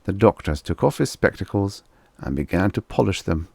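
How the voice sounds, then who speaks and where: A man with a croaky, wheezy voice narrating a vintage short story in measured storytelling. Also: low-pitched, lively intonation, darkish tone, no room sound. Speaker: audiobook narrator.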